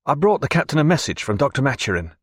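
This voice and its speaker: A polite, earnest young officer, deferential and a touch anxious, as a man narrating puts him on. The voice is lifted higher than the reader's own, with lively swings of pitch, recorded dry. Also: quick pace, slightly rough, dry recording.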